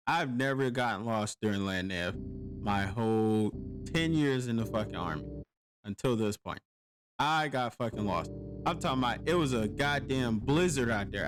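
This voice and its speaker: A man in his thirties tells a rambling army story full of swearing. His voice sits at an ordinary pitch but jumps high when he acts out shouts and complaints. It is a loose, animated podcast delivery. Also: background noise. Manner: profane, animated storytelling with quoted exclamations. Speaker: podcast host, army veteran. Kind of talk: casual storytelling.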